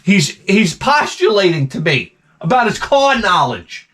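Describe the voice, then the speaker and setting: A man's voice: sits high, very animated, unhurried, a bit bright, breathy edge. A middle-aged man ranting sarcastically through a casual story, mimicking the people in it. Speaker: vlogger.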